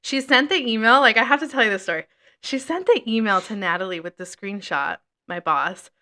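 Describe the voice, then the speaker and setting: Bright-voiced young woman telling a work story. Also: fairly high pitch, brisk. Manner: animated storytelling with frequent swearing. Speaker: podcast co-host. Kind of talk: casual chat.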